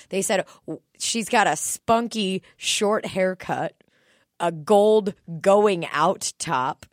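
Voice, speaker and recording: Young woman on a podcast, swears a lot, lowish voice, dry close sound. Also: no room sound. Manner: swears a lot, animated storytelling. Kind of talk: casual chat.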